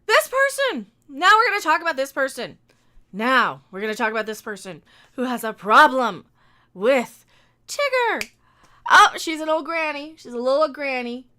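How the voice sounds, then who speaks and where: Lady streamer ranting at a clip, real high voice, big sing-songy swings, talks back at the screen. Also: big pitch swings, normal speed, pushed and bright. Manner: stumbles over words. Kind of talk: live stream reaction commentary.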